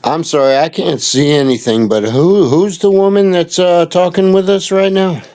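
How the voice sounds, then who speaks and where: A man's voice: on the high side, normal speed, mellow. A man joining a casual livestream as a guest, earnest and prone to repeating himself.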